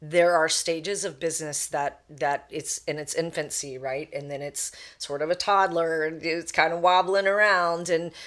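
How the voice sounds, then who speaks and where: A middle-aged woman, a business owner and podcast guest, giving measured, thoughtful advice. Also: deep voice, fairly even intonation, a bit bright. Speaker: entrepreneur guest. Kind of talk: interview advice.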